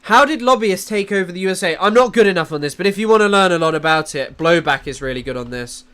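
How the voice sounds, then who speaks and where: A man's voice: sits high, animated, fast talker, fairly bright tone, clear, resonant tone. A man hosting a casual livestream, talking loosely about the news and reading out chat comments, often restarting his sentences. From England. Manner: rambling, restarts sentences, reads chat aloud. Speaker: livestream host.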